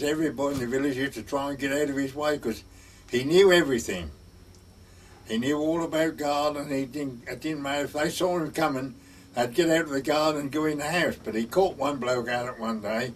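A man's voice: medium pitch, recorded from a distance, a little hiss or hum. An older man telling village anecdotes in a chatty way, with dry humor. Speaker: village storyteller. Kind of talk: oral-history storytelling.

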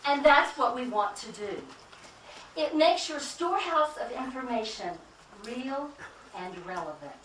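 A woman's voice: high voice, expressive, unhurried, a bit bright, reverberant, recorded from a distance, slight background noise, rough recording. A woman from the United States giving an emphatic conference talk, repeating key phrases and asking the audience questions. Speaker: keynote speaker at a conference.

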